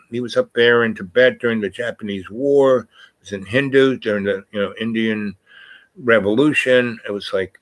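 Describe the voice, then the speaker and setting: A man's voice: mid-range voice, fairly bright tone, rough recording. An older man talking in a meandering, casual monologue, correcting himself often and reading aloud from a screen. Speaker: channel host.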